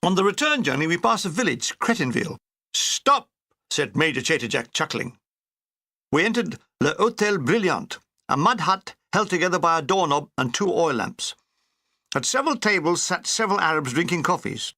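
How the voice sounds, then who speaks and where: A man's voice: a little high, animated, fairly quick, sharp tone, dry recording. Man reading a memoir with wry humour. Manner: dry, wry comic delivery. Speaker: narrator. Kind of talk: reading a wartime memoir aloud.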